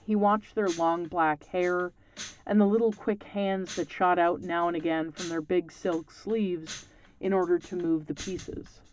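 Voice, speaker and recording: A podcast host reading a folktale aloud and reflecting on it in measured, scripted narration. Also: mid-range voice, steady tone, slight background noise.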